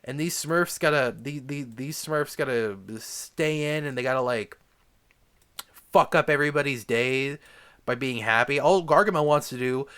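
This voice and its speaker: A man's voice: medium pitch, bright, forceful tone, clean tone. Young guy ranting, swears a ton, says like every other word, mid voice. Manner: rambling, filler-heavy, crude. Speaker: comedic ranter. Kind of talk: profane comedy rant.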